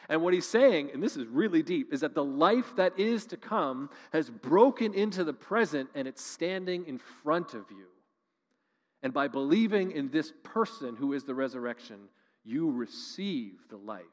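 A man's voice: fairly high pitch, expressive, normal speed, in a large hall. A man preaching a sermon as pastor, earnest and conversational, building to emphatic rises.

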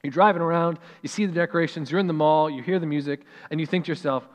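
Male pastor, thirties, slightly high voice, lively sermon delivery with drawn-out scripture readings, long church reverb. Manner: animated, dramatic slow emphasis on scripture. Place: church sanctuary.

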